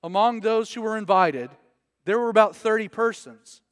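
A man's voice: high voice, moderate pace, clear, resonant tone, no room sound, clean studio sound. A man preaching a casual verse-by-verse sermon as pastor, conversational and joking with slang asides.

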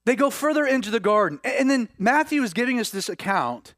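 A man delivering a sermon in a notably high voice. He swings dramatically between loud, ringing declarations and hushed, near-whispered lines. The recording is dry and close, with no room echo. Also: animated, a little fast, hardly any pauses. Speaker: preacher.

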